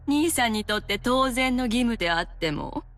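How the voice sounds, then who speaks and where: A woman's voice: fairly high pitch, lively intonation, fast, a bit bright, no room sound, soft background music. An actress voicing a scheming middle-aged woman in a visual novel, speaking in a sickeningly kind, cutting way. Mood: sweetly cutting. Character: scheming middle-aged woman, sharp-tongued elder sister. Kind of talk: voiced visual novel dialogue.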